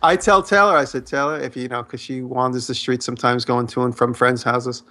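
A man co-hosting a podcast, telling a long, rambling story in casual chat, his voice jumping up in pitch when he gets excited. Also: fairly quick. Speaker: podcast co-host.

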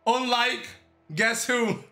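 A man's voice: very high voice, level tone, slow pace, sharp tone. A man streaming a video game, trading crude, taunting trash talk and complaining at teammates. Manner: crude, taunting, laughing banter. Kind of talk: casual gameplay trash talk. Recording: echoey room with game music.

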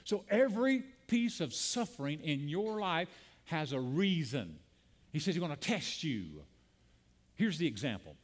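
A man preaching a sermon from a church pulpit, his voice sitting a touch high for a man. He leads the congregation in call-and-response and climbs into emphatic, quickening peaks before dropping low and soft for tender moments. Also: sing-song. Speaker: pastor. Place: church sanctuary.

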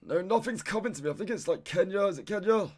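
Talking fast in a high-pitched voice, a young man provides casual commentary while streaming a guessing game. He's frustrated, curses, and tacks "mate" onto nearly every line.

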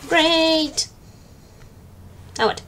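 A woman's voice: very high voice, fairly even intonation, very slow, a bit bright. A woman streaming a game with casual, joking commentary and flustered muttering. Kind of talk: casual let's-play commentary.

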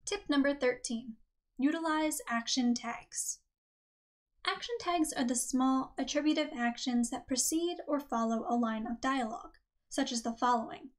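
A woman hosting a writing-advice podcast, reading a script in a clear, measured way. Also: high voice. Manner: clear, measured delivery, reading examples aloud. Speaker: podcast host.

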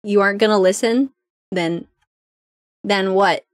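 A woman's voice: medium pitch, fairly even intonation, unhurried, no echo, studio quality, close to an everyday voice. A woman voicing an edgy, cold young shark boy who talks in curt threats. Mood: cold menace.

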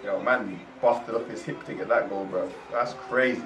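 A young man hosting a casual reaction video, excitable and exclaiming in slang, recorded in a roomy space away from the mic. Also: fairly low pitch, normal speed, a crowd in the background. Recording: roomy echo, distant from mic.

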